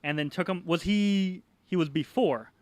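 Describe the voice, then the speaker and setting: A man's voice: sits high, normal speed, dry recording. A young man co-hosting a casual podcast chat, wry and teasing. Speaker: podcast co-host.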